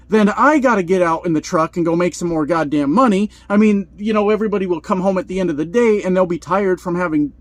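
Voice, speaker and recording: A man's voice: high voice, no room sound. A man who drives trucks over the road, venting in a heated, profane vlog rant from his truck cab.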